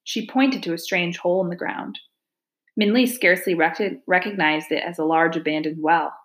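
Woman narrating a folk-tale audiobook. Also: lowish voice. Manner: calm, measured reading with hushed suspense. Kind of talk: storybook narration.

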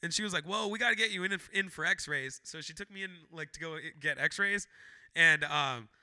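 A young man hosting a podcast, telling a story in a casual chat, animated and swearing a lot, loudly acting out what he said. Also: fairly high pitch, moderate pace. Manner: animated, swears often, shouts when quoting himself. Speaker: podcast host.

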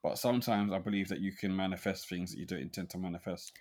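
A man's voice: sits low, fairly even intonation, quick pace, darkish tone, a little hiss or hum. A man co-hosting a podcast in casual chat, often restarting words and tagging lines with "right?". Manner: stammering restarts, frequent "right?" tags. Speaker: podcast co-host.

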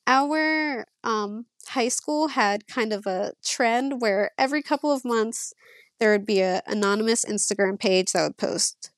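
Young woman with a gravelly voice. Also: fairly high pitch, dry recording, clean studio sound. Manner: reads out text messages in a casual, halting way with fillers. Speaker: guest sharing her story. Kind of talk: personal storytelling.

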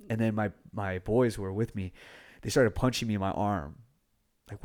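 A young man hosting a podcast in casual chat, blunt and animated, swearing freely as he tells stories. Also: low-pitched, moderate pace. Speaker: podcast host.

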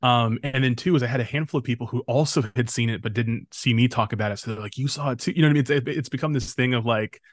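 A man speaking as a podcast guest in casual conversation, relaxed and rambling with frequent restarts. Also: medium pitch, fast, few pauses, no room sound, studio quality. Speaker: podcast guest, film critic.

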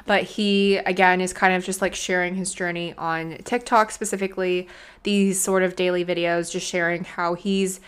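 A woman's voice: fairly low pitch, little pitch movement, moderate pace, smooth. A young woman hosting a casual podcast, chatty and full of "like" fillers. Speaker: podcast host.

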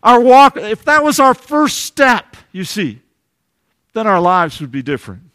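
A male pastor with a high voice preaches with earnest conviction. He swings from lively emphasis to hushed, tender passages. His voice sounds dry and close, with no room around it. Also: a little slow, dry recording. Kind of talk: sermon.

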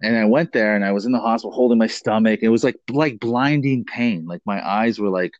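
A man's voice: lowish voice, a little fast, no room sound, dull audio. A man in casual chat, telling a rambling story with swearing and teasing his co-host.

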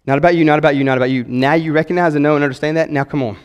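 Man, pastor in his thirties, high-voiced, impassioned preaching with loud and hushed swings, reverberant church hall. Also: fairly even intonation, racing, smooth. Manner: impassioned, swings between loud exhortation and quiet emphasis. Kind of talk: sermon. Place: church sanctuary.

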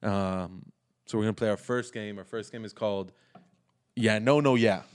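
A man's voice: lowish voice, fairly even intonation, moderate pace, clean tone. A man co-hosting a podcast in casual chat, playful and laughing easily. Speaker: podcast co-host.

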